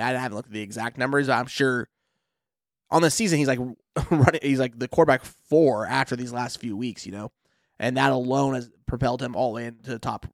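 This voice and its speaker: A man co-hosting a fantasy football podcast, relaxed and agreeable, full of fillers like "I mean" and "like". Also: mid-range voice, vocal fry, no echo, clean studio sound. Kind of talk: casual sports chat.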